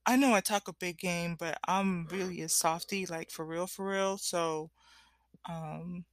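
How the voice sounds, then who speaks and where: Animated, laughing woman vlogger. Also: lowish voice, measured pace, no room sound. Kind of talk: casual chat.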